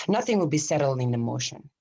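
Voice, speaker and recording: Woman reading as a wife who's done, super low gravelly voice, flat and controlled. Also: fairly quick, full character voice. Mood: cold. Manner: flat, controlled, refusing emotion. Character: cold resolute young wife ending her marriage. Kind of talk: acting class scene reading.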